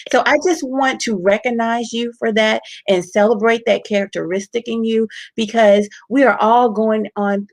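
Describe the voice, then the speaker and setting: A woman's voice: fairly high pitch, dry recording. A woman life coach hosting an interview, affirming and encouraging her guest.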